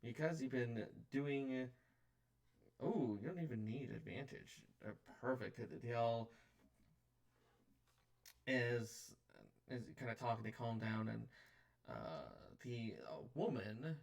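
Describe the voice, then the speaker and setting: A man's voice: mid-range voice, slow, vocal fry, pauses often, darkish tone, far from the mic. A man narrating as game master for a tabletop game, hesitant and full of fillers.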